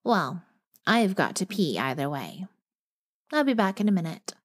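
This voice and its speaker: A woman's voice: fairly low pitch, sing-song, a little slow, dry recording, clean studio sound. Woman voicing an evasive young woman.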